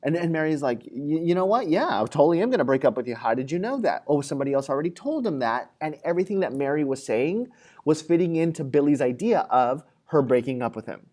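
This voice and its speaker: Talking fast with big pitch swings, a psychology lecturer with a slightly high, darkish voice gives a classroom lecture. He speaks casually with frequent fillers and enacts everyday scenarios through quoted voices.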